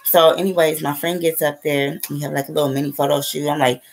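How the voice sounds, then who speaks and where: A woman's voice: low voice, steady tone, fast talker, vocal fry, slight background noise, low-quality recording. A woman telling a story in a casual, rambling way. She swears freely and keeps checking in with "okay?" and "right?". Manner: rambling and profane, with frequent "okay?" and "right?" asides. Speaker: spiritual vlogger.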